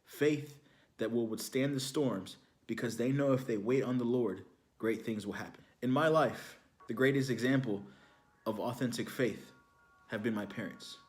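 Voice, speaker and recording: A man's voice: mid-range voice, moderate pace. Young man giving a faith testimony. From Houston, Texas, USA. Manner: casual storytelling with fillers like "you know, like". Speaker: ministry speaker. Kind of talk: inspirational testimony message.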